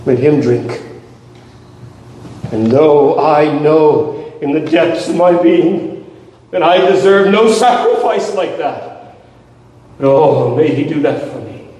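A man preaches in a slow, deliberate and impassioned way, leaning on each phrase. His voice sits fairly high but sounds mellow and dark. It carries through a big echoing hall with a long reverb, picked up from far away. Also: animated. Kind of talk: sermon.

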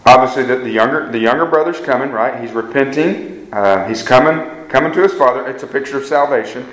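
A man's voice: medium pitch, a little fast, a bit bright. A man preaching a sermon in a conversational way, often repeating words and acting out quoted speakers. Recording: echoey room.

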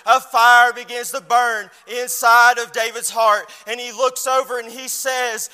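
A man preaching a fiery sermon, his chanted cadence swelling into shouts. His voice sits very high and carries a bright, ringing edge. The church hall around him holds a long reverb. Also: level tone, measured pace, few pauses, clean tone, faint music behind.

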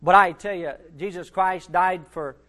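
A man's voice: high-pitched, steady tone, a little slow, fairly bright tone. A man preaching a sermon, building to emphatic bursts and repeating his phrases. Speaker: Baptist preacher.

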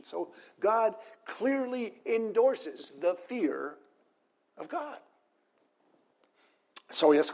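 A man's voice: sits high, animated, slow, gravelly, long pauses. A man preaching a sermon, reading scripture passages aloud in an earnest manner.

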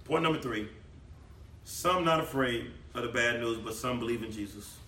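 Emphatic preacher in an echoey hall. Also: male voice, normal speed, far from the mic, slight background noise. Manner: emphatic, rising to loud declamation and dropping low for scripture. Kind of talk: sermon. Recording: echoey room, voice from off the mic.

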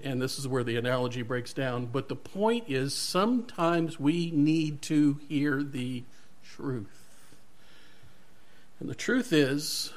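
A male pastor giving a sermon, retelling a Bible story animatedly and correcting himself as he goes. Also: medium pitch.

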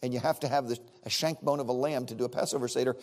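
A middle-aged man, a Baptist preacher leading a Seder, telling a story in a sermon with lively, repetitive phrasing. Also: mid-range voice, very fast. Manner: animated, repeats words while telling a story.

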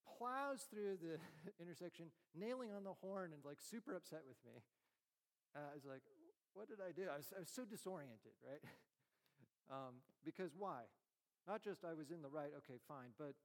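A man preaching a sermon as pastor, conversational and self-deprecating, swinging from emphatic lines to quiet, low ones. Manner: conversational, self-deprecating with frequent light laughs.

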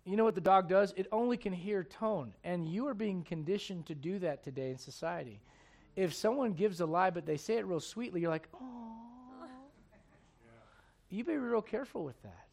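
Male pastor, high-pitched, emphatic sermon delivery with scripture reading. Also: animated, fairly quick, creaky, a little mellow. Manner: emphatic, asks the congregation questions; reads scripture aloud in old wording.

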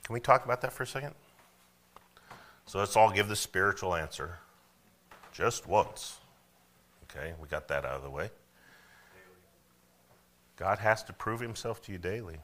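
A man's voice: low-pitched, animated, normal speed, pauses often, fairly bright tone. A man preaching a sermon as pastor, conversational, often checking in with "okay?". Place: church.

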